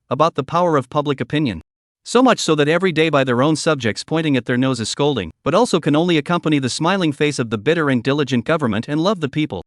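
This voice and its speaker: A man reading a scripted story recap as narrator, rapid and even. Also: a little high, dry recording, studio quality.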